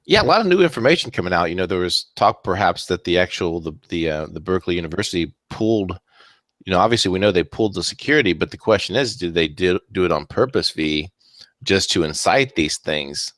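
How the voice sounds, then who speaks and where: Deep-voiced man, casual co-host. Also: expressive, a little fast, a bit bright, dry recording. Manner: loose, filler-heavy, lots of "you know". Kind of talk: casual opinion talk show.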